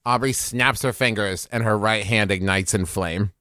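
A man playing a tabletop game, describing his character's actions in a relaxed, matter-of-fact way. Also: fairly low pitch, normal speed, no room sound, clean studio sound. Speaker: player.

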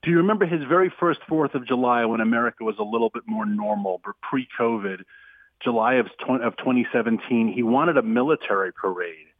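A man's voice: mid-range voice, fairly quick, no room sound. An enthusiastic man speaking as a radio guest, stressing his points hard. His voice comes through a thin, phone-like line with no room sound around it. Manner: enthusiastic, emphatic. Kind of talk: phone interview on talk radio. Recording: tinny dry phone line.

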